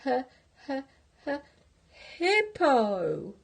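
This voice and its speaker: A woman's voice: wildly swooping pitch, drawn-out words, vocal fry, slight background noise, heavily acted. An older woman voicing a big, rude male rhinoceros who keeps bursting into laughter, for a storybook reading. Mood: giggling. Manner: booming, teasing, breaks into laughter.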